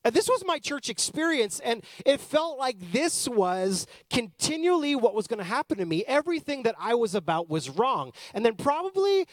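Thirties pastor guy telling a story, lively swoopy voice, high-ish, dry close sound. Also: normal speed, hardly any pauses, no echo. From Canada. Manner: animated, chatty storytelling with asides. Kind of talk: storytelling sermon.

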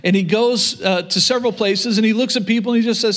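A man's voice: sits high, quick pace, fairly bright tone. A man preaching a sermon to a congregation in a church, earnest and often repeating his words as he paraphrases Scripture. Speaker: pastor. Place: church room with audience.

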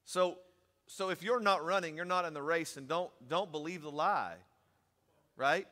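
A man preaching a sermon, moving from steady teaching to loud, emphatic preaching. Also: on the high side, normal speed, in a large hall.

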